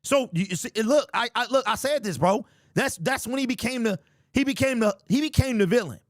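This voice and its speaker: Male sports host, lively high-pitched reactions, casual slang, dry mic. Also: brisk, dry recording. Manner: animated, exclaiming and slangy.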